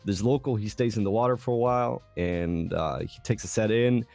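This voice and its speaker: A relaxed young man from Sweden with a lowish voice, spinning a story in easygoing, swear-filled podcast chat. Faint music plays softly behind him. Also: a little fast, creaky. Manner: laid-back storyteller, loose and profane. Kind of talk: casual chat.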